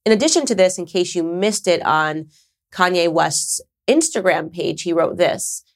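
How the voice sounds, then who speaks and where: A woman with a fairly low voice hosts her own show and talks directly to her audience. Her delivery is conversational but emphatic, and she drops in sarcastic asides. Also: moderate pace. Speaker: podcast host. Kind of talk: casual monologue to camera.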